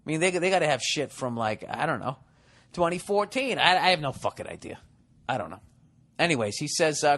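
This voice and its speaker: A man's voice: medium pitch, very animated, moderate pace, a bit bright. A man hosting a podcast, reading listener letters and riffing on them in a rambling, profane, sarcastic way. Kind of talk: rambling comedic monologue.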